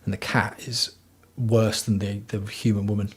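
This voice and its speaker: A man's voice: fairly low pitch, flat delivery, normal speed, slightly rough. A man hosting a casual livestream from home, talking bluntly and rambling with plenty of swearing. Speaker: livestream host.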